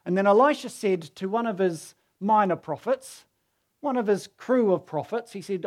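A man's voice: high-pitched, normal speed. A man preaching a sermon who tells the story casually and acts out the quoted voices.

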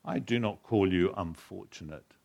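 A man voicing a great, calm lion in a slow, solemn, measured way. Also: deep voice, vocal fry, lo-fi sound. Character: great lion, majestic, calm and deep-voiced.

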